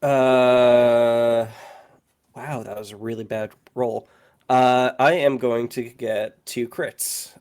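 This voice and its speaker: A man playing a tabletop game, speaking in an unhurried way with laughter. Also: medium pitch, fairly even intonation, a little mellow, clean tone. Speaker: player. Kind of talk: tabletop role-play.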